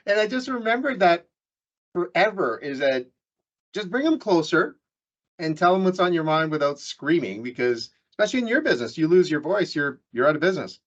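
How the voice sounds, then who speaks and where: A man's voice: on the high side, very animated, fairly quick, lo-fi sound. A man hosting a business podcast, telling stories in a loose, jokey way with many restarts. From Canada. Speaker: podcast host. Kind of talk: casual business interview chat.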